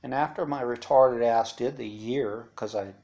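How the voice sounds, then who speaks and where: A man speaks in a loose, rambling monologue, blunt and profane, with frequent asides. His voice has a gravelly edge. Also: medium pitch, normal speed, a little mellow, muffled recording. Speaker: interviewee recounting life after incarceration. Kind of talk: casual storytelling monologue.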